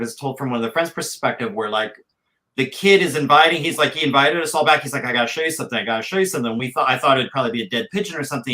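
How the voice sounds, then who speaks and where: A man talking as a podcast guest about his comic, rambling and excited, with many restarts. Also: mid-range voice. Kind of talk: casual podcast chat.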